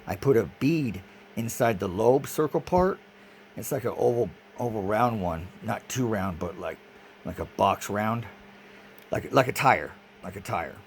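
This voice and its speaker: A man's voice: lowish voice, expressive, a little slow. A man in a rambling, agitated video monologue who repeats himself and swears often. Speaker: vlogger. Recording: noisy background.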